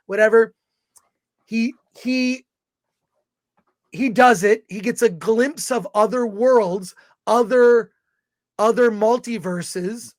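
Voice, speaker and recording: A man's voice: very high voice, slow, long pauses, dry recording, clean studio sound. A man co-hosting a casual film review chat, opinionated and blunt, rambling through his thoughts.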